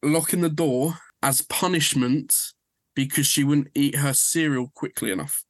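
A man's voice: a little high, steady tone, a little slow, no room sound. A man telling his own story as a podcast guest, full of reported dialogue. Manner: recounts events with lots of reported dialogue. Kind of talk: conversational storytelling.

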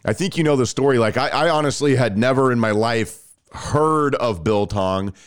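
A man's voice: medium pitch, normal speed, clear, resonant tone. A man hosting a podcast, talking casually and chatting in a laid-back way with lots of fillers. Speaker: podcast host. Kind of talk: casual interview with ad read.

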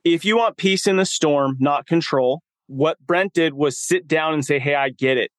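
Male podcast host, earnest and emphatic, slightly higher pitch, dry studio sound. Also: normal speed, no room sound. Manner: earnest, emphatic, recaps with repetition. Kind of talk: casual chat.

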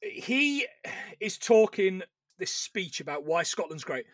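A man with a high, bright voice leads a casual film-review podcast. He jokes constantly, swears freely and laughs between points. The sound is dry and close. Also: big pitch swings, takes it slowly, dry recording. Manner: swearing, joking, laughs often. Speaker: podcast co-host.

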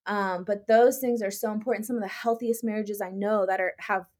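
Young woman co-host, casual podcast chat, mid-pitched, filler-heavy and conversational. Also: steady tone, fast talker, darkish tone. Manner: chatty, many fillers like "like" and "you know".

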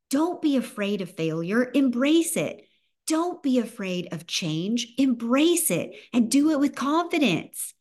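A woman in her thirties with a Southern US accent, hosting a motivational podcast in an upbeat, emphatic pep-talk manner. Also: on the high side. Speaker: podcast host.

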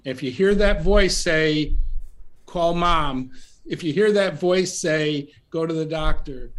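Calm man musing with many restarts. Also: on the high side. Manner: gentle, unhurried, many restarts and fillers. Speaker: podcast guest, author. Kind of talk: reflective interview talk. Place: remote call from home.

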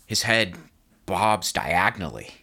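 Man, game master narration, low pitch, bright tone. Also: sing-song, gravelly. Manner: descriptive, measured narration with restarts. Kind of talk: narrating a tabletop horror game.

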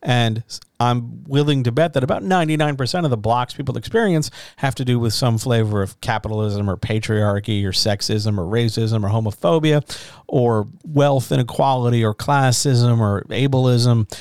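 A man's voice: mid-range voice, normal speed, a little mellow, clear, resonant tone, no echo, clean studio sound. A man hosting a writers' chat, giving earnest, frank and encouraging advice in a casual way, now and then swearing. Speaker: podcast host.

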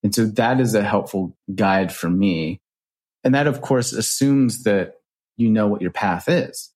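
A man in his thirties, a podcast guest and author, telling reflective stories in an earnest, animated way with casual swearing. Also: lowish voice, unhurried. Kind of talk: reflective storytelling.

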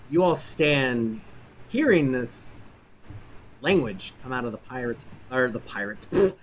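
A man's voice: mid-range voice, pushed and bright, lo-fi sound, slight background noise. A man narrating as game master of a tabletop game, telling the scene in a rambling way with many fillers. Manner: rambling, filler-heavy storytelling.

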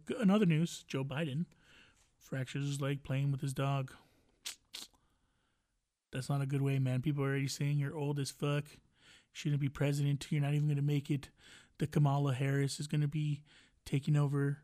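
A man's voice: a little high, a little mellow. A man hosting a podcast alone, rambling and joking with a lot of profanity in casual chat. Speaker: podcast host.

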